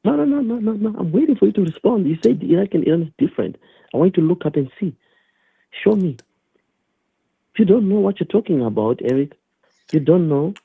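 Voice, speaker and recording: A man's voice: fairly high pitch, animated, a little fast, vocal fry, long pauses, breathy edge, no echo. A man with a non-native accent calling into a show, arguing insistently and repeating his points. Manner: insistent, argumentative, repeats himself. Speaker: caller. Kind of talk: heated phone-in debate. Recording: tinny dry phone line.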